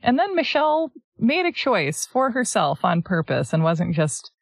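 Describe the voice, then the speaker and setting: A woman's voice: medium pitch, moderate pace, creaky, husky, no room sound. A Canadian woman co-hosting a podcast in casual chat, reading passages aloud and making sarcastic asides. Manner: sarcastic, animated, often laughing. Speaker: podcast co-host.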